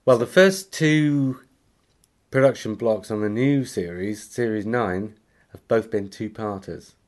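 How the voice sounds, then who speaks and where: Guy hosting a podcast, lowish voice, reading out emails and chatting. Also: a little slow. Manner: chatty, reads emails aloud with small asides. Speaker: podcast host. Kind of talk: casual chat, reading listener emails.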